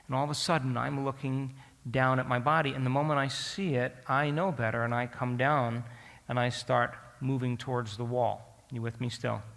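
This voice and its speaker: A man giving a storytelling lecture to an audience, speaking in an animated way and often asking the listeners questions. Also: mid-range voice, normal speed, creaky, big-room sound.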